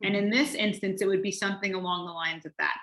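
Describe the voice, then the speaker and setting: A woman coach on a group coaching call, calmly listing steps one after another. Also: mid-range voice, fast, reverberant. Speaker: life coach.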